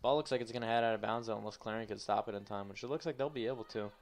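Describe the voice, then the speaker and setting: Speaking very quickly in a fairly deep voice, a young man handles the live play-by-play for a women's college soccer game. A bit weary, he yawns now and then and sprinkles loose humor throughout.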